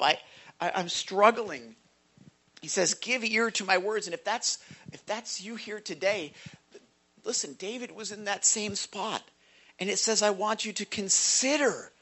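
A man's voice: sits high, pushed and bright. A male pastor giving a short sermon devotional to a congregation, emphatic and stumbling over repeated words.

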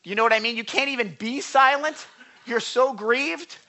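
A man preaching a sermon in a high, bright, forceful voice. He talks with his congregation in a conversational way and keeps checking that they follow. His earnest delivery swells into passionate emphasis. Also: normal speed. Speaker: pastor.

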